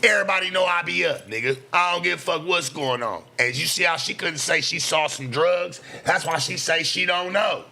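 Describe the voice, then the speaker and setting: A man's voice: on the high side, gravelly, bright, forceful tone. A man from the US West Coast, a streamer giving a heated, profane reaction commentary. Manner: profane, heated, rapid-fire ranting.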